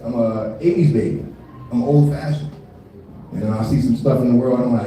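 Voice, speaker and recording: A man's voice: medium pitch, expressive, fairly quick, mellow, a little hiss or hum. A man in his thirties doing a live stand-up set, talking loose and profane, laughing often and leaning on filler tags. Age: 30s. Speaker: stand-up comedian. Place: live comedy venue. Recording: echoey room from far off.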